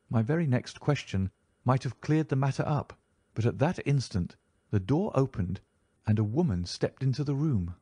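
Guy reading an old detective story aloud, middle pitch, steady measured pace, dry close mic. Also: breathy edge, no echo. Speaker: audiobook narrator. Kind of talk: scripted story narration.

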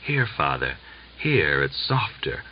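A man voicing a lusty, defiant young Cossack wife who goes from sly whispers to shrill scolding. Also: expressive, unhurried, dull audio.

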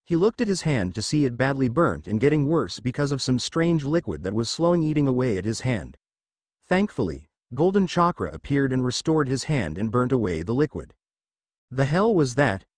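A man reads a fan fiction story aloud in an expressive storytelling style. His pitch moves in a lively way, and the recording sounds dry and close. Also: a little fast, dry recording. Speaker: narrator.

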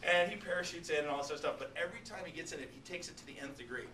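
Animated male teacher in an echoey classroom. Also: fairly high pitch, racing. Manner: animated, joking, talks straight to students. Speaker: biology teacher. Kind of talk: classroom lecture. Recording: echoey classroom, distant mic, noisy.

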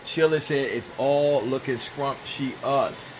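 Taking his time in a mid-range voice, a Jamaican-accented host cooks live from his home kitchen, reading viewer comments and warmly calling people out by name. The rough recording carries a little hiss or hum.

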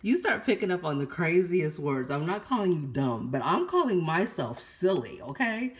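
A woman's voice: fairly low pitch, sing-song, moderate pace. A woman showing her grocery haul in a casual chat to camera, out of breath, chatty and exclaiming over her finds.

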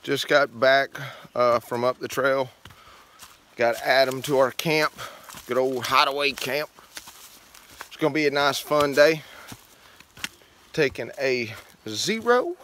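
A man vlogging casually outdoors by a creek, excited and playful, talking into a handheld camera. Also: mid-range voice, slow, pauses often, slight background noise, poor audio. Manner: excited, playful, sing-song. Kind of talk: casual trail vlog chat.

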